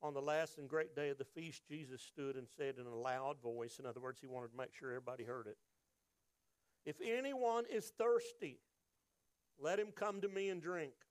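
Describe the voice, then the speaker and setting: A man's voice: mid-range voice, a little fast, few pauses, dry recording. A man preaching a sermon, reading scripture and acting out crowd voices with emphatic delivery. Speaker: pastor.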